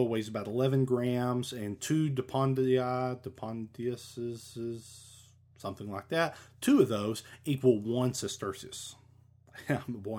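A man's voice: mid-range voice, a little mellow. A man giving a casual, rambling lesson on ancient coins, with many fillers and restarts. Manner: rambling, many fillers, self-deprecating about Latin pronunciation. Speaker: coin collector explaining ancient money.

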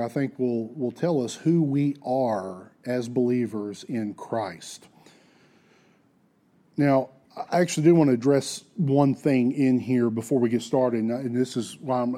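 Warm, earnest preacher man. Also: mid-range voice. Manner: earnest, emphatic, with restarts and asides. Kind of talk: sermon.

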